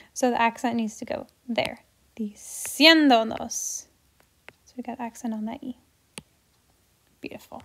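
A woman teaching a grammar lesson in an upbeat, playful way, dropping to soft asides while she writes. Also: on the high side. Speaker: Spanish teacher.

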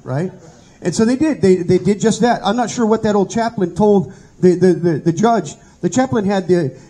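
A man's voice: high-pitched, warm tone, husky, poor audio. A middle-aged man telling his own testimony in an earnest, conversational way as a Bible study teacher.

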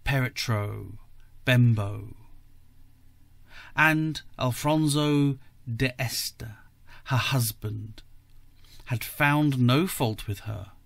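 A man, a podcast host, reading a story aloud in a measured, careful way. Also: mid-range voice, gravelly, fairly bright tone.

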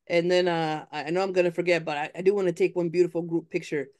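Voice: medium pitch, level tone, quick pace, darkish tone. An event host running a live fundraising appeal at a town hall, upbeat, coaxing and chatty.

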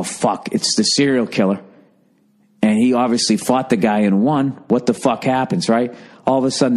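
Man, podcast host, casual rambling monologue, heavy swearing, self-mocking storyteller, medium pitch. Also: darkish tone. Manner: profane, storytelling, self-deprecating. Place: Chicago.

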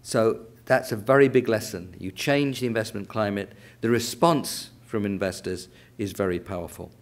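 A man in his sixties with a West London accent speaks in a fairly low voice. He lectures deliberately, restating key phrases and pausing on fillers as he explains. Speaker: panel chair. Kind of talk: academic lecture. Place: lecture theatre.

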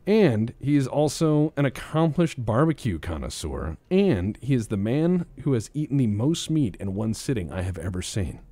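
A man's voice: medium pitch, big pitch swings, normal speed, hardly any pauses, mellow, no echo. A man hosting a casual gaming stream, rambling and joking, swearing freely and restarting his sentences. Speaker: streamer host.

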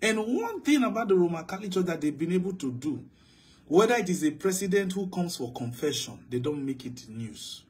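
A man preaching a sermon as pastor, swinging between loud, emphatic declarations and low, quiet asides. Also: sing-song, fairly quick.

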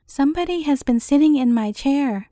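A woman's voice: sits high, lively intonation, normal speed, mellow, no room sound, clean studio sound. A woman reading as the great big bear. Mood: indignant.

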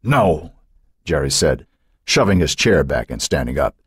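A man narrating an audiobook in a measured storytelling manner. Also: extremely low pitch, animated, breathy edge, no echo, studio quality. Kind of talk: scripted narration.

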